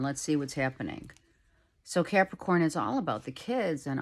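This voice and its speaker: A middle-aged woman giving a casual tarot reading at home, talking softly and rambling, with many fillers. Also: sits low, big pitch swings, moderate pace. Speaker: tarot reader. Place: home, with a child heard in the background.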